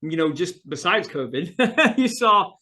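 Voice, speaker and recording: A man hosting a podcast, asking relaxed open questions with a few fillers. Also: high-pitched, measured pace. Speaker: podcast host. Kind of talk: casual interview.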